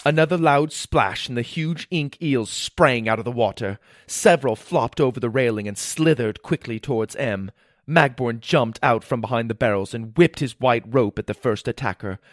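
A man tells a storybook adventure with lively, dramatic delivery, mouthing the sound effects himself. His voice sits at an ordinary pitch, and the recording is close and dry. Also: normal speed, no echo. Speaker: narrator. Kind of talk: scripted storybook narration.

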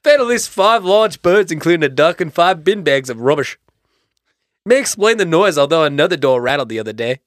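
A man's voice: fairly high pitch, expressive, brisk, no room sound, studio quality, natural voice. A man voicing a middle-aged dad in a put-on Australian accent, jokey and laughing through the lines. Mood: bemused.

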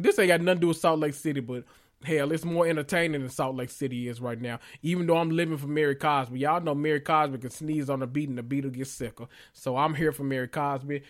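A man's voice: fairly high pitch, a bit bright. A man hosting a casual reality TV recap vlog, sassy and gossipy, laughing often as he rambles.

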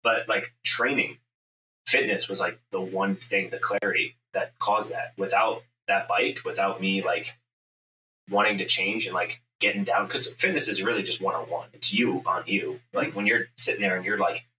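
Dude telling a story loud and sweary, low-ish voice, really bright tone, echoey room. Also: male voice, steady tone, normal speed. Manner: intense, profane storytelling, acts out his inner voice. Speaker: podcast host, business owner. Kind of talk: casual podcast chat. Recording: echoey room, mic at a distance, faint ambient noise.

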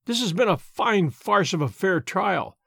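A man voicing a captured brigand who speaks with slow, scornful defiance in an audiobook. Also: high voice, lively intonation, vocal fry, a bit bright, husky, no room sound, clean studio sound, exaggerated voice. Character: defiant captured male brigand, bitter and proud.

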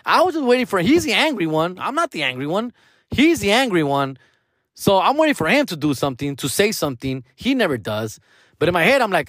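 A man's voice: on the high side, very animated, normal speed, a bit bright, dry recording. Slangy profane young man, dry close mic. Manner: profane slangy street talk with Spanish words. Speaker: comedian telling a story. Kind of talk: casual storytelling.

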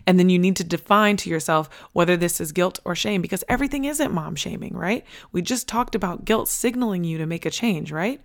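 A woman's voice: lowish voice, expressive, fairly quick, few pauses. A woman hosting a podcast, talking candidly and bluntly, swearing casually and repeating points for emphasis. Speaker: podcast host. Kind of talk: candid motivational podcast talk.

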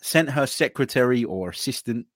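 A man's voice: mid-range voice, expressive, moderate pace, no room sound, studio quality. A man hosting a betting podcast, reading out listener entries in an easygoing way. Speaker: podcast host.

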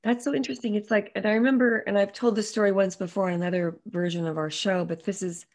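A woman's voice: medium pitch, fairly even intonation, fast, a little mellow. Effusive woman talk show host. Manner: effusive, reflective.

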